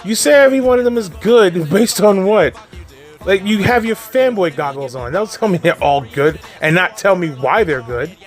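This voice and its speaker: A man with a high voice rants in a loose, unscripted way, swearing freely and breaking into laughs. He trips over his words and starts sentences again. Faint music plays underneath. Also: lively intonation, normal speed. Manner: exasperated, profane, laughs often, repeats and restarts. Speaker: movie commentary vlogger. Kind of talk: casual ranting commentary.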